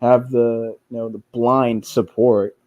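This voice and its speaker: A man's voice: mid-range voice, little pitch movement, slow, dry recording, highs cut off. A man commenting casually on online drama, rambling and swearing, with many restarts and fillers. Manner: mocks others by quoting them in a whiny voice.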